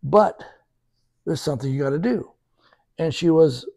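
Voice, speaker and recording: A man's voice: medium pitch, measured pace, gravelly, long pauses, no room sound. A man telling a story as a podcast guest, acting out the dialogue he quotes. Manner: lively storyteller who acts out quoted dialogue. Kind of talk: conversational storytelling.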